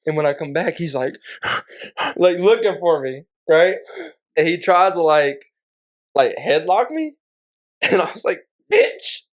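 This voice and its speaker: A man's voice: a little high, lively intonation, takes it slowly, long pauses. A man on a podcast telling a casual, profane story in a laid-back way, often breaking into laughter. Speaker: podcast guest.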